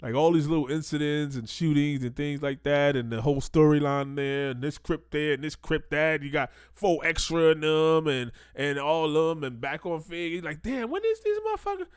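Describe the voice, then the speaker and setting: A man hosting a casual commentary show, reacting in animated slang and breaking into mocking quoted voices. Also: fairly high pitch, moderate pace, few pauses, clear, resonant tone, no room sound, studio quality.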